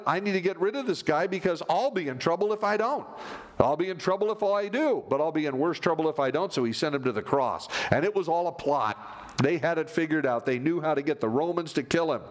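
A man preaching a sermon, animated, moving from loud emphasis down to near-whispers. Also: a little high. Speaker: pastor.

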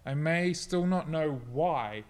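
Earnest male preacher, slightly high voice. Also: lively intonation, slow pace, clean tone. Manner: earnest, personal, with soft reflective passages. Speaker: pastor. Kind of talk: sermon.

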